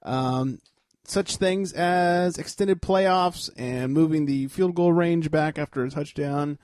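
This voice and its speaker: A man's voice: on the high side, slow, a little mellow, no room sound, studio quality. A man hosting a sports comedy podcast, chatting loosely and joking through plugs with lots of filler words. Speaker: podcast host. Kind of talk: casual sports comedy chat.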